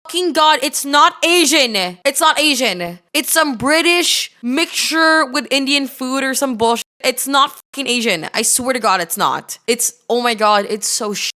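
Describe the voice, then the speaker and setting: Young woman ranting on stream, swears constantly, gets worked up fast, bright sharp voice. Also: sits high. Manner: excitable, swears a lot, quick bursts of outrage. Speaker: streamer reacting to a video. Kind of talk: casual reaction chat.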